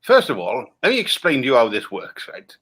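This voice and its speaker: A Welsh man in improvised comedy chat, swearing and ranting crudely as he tears into film pitches. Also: wildly swooping pitch, brisk, a bit bright, husky. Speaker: comic guest critiquing film pitches.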